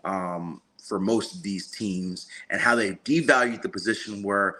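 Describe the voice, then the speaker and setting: A man co-hosting a sports talk show who explains his points in a measured, analytical way. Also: low-pitched, bright, forceful tone. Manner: measured, analytical, uses fillers. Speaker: sports talk co-host and reporter.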